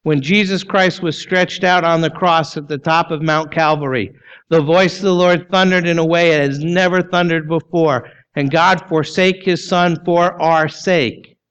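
A man preaching a sermon as pastor, emphatic and full of rhetorical questions, sometimes sinking low and quiet. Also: steady tone, a little slow, clear, resonant tone, highs cut off.

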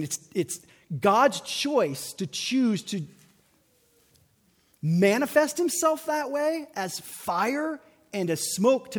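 A pastor preaching a sermon, telling a personal story in an animated way and acting out the people in it. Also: male voice, high voice, husky, in a large hall. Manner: animated storyteller, acts out voices in the tale.

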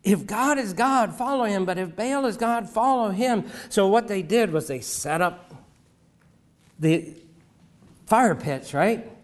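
Dramatic male preacher, higher voice. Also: lively intonation. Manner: dramatic pauses, sudden drops to a hush. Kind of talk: sermon.

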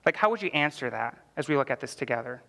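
A man's voice: medium pitch, expressive, fast, vocal fry, sharp tone, long reverb tail. A man teaching a church Bible class in a conversational way, full of "like" fillers and questions to the class.

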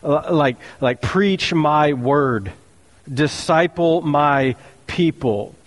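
A man's voice: fairly high pitch, animated, very slow. A man preaching a sermon as a pastor, telling the stories in a casual, joking way with slang.

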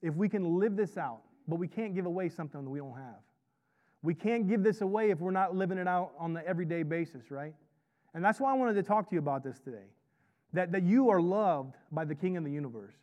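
Warm and animated, this slightly high-voiced man preaches at a quick pace as a pastor and chaplain. He keeps things conversational, often asking "right?" to pull the congregation in.

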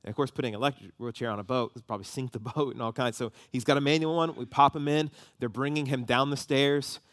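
A man delivers a sermon as a lively story. His voice sits at a middle pitch and climbs with emotion as he goes. The sound is dry and close, with no room echo. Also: fast.

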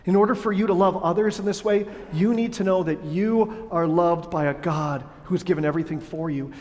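A man's voice: high voice, fairly quick, a little mellow. A man preaching a sermon as pastor, emphatic and stacking lists of repeated words. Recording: long reverb of a large hall.

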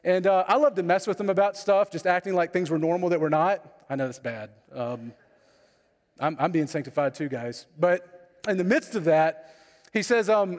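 A man's voice: high voice, normal speed. A man preaching a sermon as pastor, conversational, often asking the congregation questions. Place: church sanctuary. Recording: long hall reverb.

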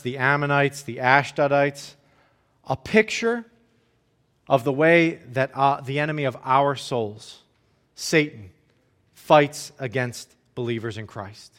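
This sermon comes from a pastor whose voice is medium-pitched with a fairly bright tone. He talks conversationally, repeatedly asking "right?", and occasionally gives a quick impression of the enemies jeering.

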